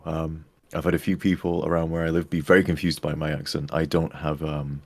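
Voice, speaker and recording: A man with a northern English accent and a very deep voice chats on a live stream. He jokes and rambles through his explanations. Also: little pitch movement, a little fast, no room sound, studio quality. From North West England. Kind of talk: casual chat on a live stream.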